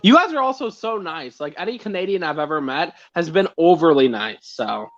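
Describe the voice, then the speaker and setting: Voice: mid-range voice, expressive, brisk, dull audio. A guest on a livestream, chatting in an easygoing way, trailing off with "so" and laughing at themselves. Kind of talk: casual livestream chat.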